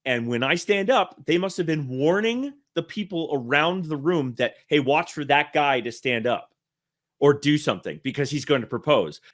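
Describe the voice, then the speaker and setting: A man in his thirties, interviewed as a guest, shares a long story in a loose, rambling style, stopping to correct himself and laughing as he talks. His voice is a little high and a bit bright, with lively intonation at a normal pace.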